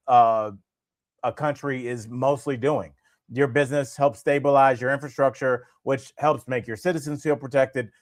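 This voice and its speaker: A man co-hosting a comedy news podcast, riffing in an animated way and laughing at his own jokes. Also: mid-range voice, no room sound, studio quality. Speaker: podcast co-host.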